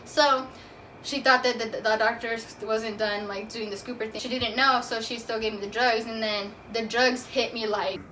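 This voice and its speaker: A woman's voice: a little high, fairly even intonation, moderate pace, sharp tone. A young woman casually telling a personal story in a vlog, talking loosely with lots of fillers. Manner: casual, chatty, many "like" fillers. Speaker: vlogger. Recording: from a distance, faint room noise.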